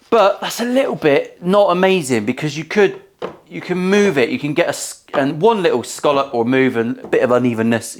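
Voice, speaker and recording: A man hosting a casual workshop vlog as a luthier, talking to viewers in cheeky, sweary banter. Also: medium pitch. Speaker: luthier and channel host. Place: guitar-making workshop.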